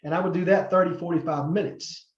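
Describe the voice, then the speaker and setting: A man's voice: a little high, steady tone, fast. Rambling man in a roomy room. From North Carolina, USA. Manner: rambling, many fillers and restarts, acts out quoted people. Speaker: podcast guest, former wrestler. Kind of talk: casual interview storytelling. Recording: roomy, slightly muffled sound.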